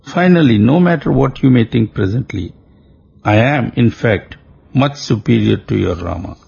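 A man's voice: medium pitch, animated, normal speed, vocal fry, a little mellow, slightly rough, highs cut off, exaggerated voice. A man voicing a boastful, pompous demon king who coaxes and brags. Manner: grandiose, pompous persuasion.

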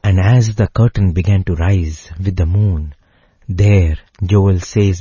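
A man narrating a devotional story in a measured way, pausing phrase by phrase. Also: low-pitched, warm tone, slightly rough, no room sound, muffled recording.

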